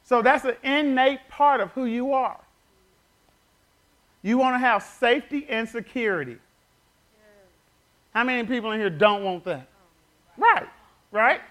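A man preaches in a high, ringing register. His voice is bright and pointed as he tells family stories and pulls the congregation into call-and-response. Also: unhurried, pauses often. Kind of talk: sermon.

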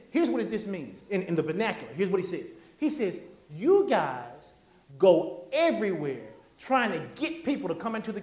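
Prédicateur animé dans une église qui résonne. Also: mid-range voice. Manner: animated, call-and-response preaching; folksy, conversational asides. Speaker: pastor. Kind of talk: sermon. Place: church sanctuary. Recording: echoey church room.

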